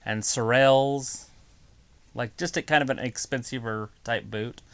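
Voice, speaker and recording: A man's voice: medium pitch, measured pace, clear, resonant tone, dry recording. A man co-hosting a live wrestling stream, rambling in a laid-back, jokey way between bits of match commentary.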